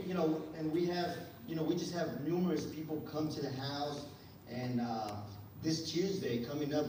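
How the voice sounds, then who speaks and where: A man giving an energetic motivational talk to an audience at a sales event, telling stories with lots of fillers. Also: mid-range voice. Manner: energetic storytelling, many fillers. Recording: echoey hall, distant mic, noisy.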